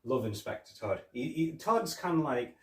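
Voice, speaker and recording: A man's voice: medium pitch, sing-song, moderate pace. A man co-hosting a podcast, casually retelling film scenes and quoting characters with chuckles. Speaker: podcast co-host. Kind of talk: casual film review chat. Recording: echoey room, mic at a distance, faint hiss.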